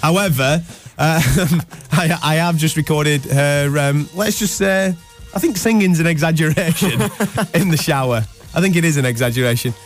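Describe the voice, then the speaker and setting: Brief: male breakfast radio host, fairly high voice, jokey chatty storyteller, faint music behind. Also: normal speed. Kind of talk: casual radio banter. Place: radio studio.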